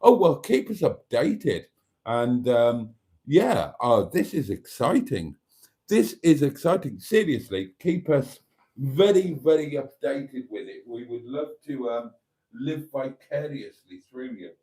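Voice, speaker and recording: A man's voice: mid-range voice, sing-song, takes it slowly, dark tone, husky. A man hosting a live stream, reading out viewer comments with wry, self-mocking asides. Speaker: channel host.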